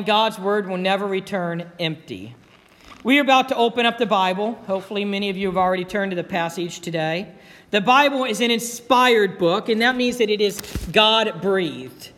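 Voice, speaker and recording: A man's voice: high voice, a bit bright. A male pastor preaching a sermon in a folksy, storytelling way, acting out the voices in his anecdotes. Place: church sanctuary. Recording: long church reverb.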